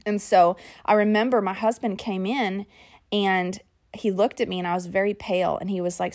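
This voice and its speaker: A young woman, telling her own story in a lively, chatty way, often laughing and acting out what was said. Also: mid-range voice, fairly quick. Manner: animated, laughing, says "y'all", acts out her own and her husband's lines. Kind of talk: personal storytelling.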